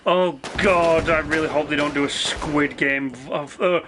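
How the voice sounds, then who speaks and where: A man rants casually on a live game stream in a slightly high, bright voice. He swears freely and keeps restarting his sentences as he rambles. A faint noise sits behind him. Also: fairly even intonation, measured pace, hardly any pauses. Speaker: gaming streamer.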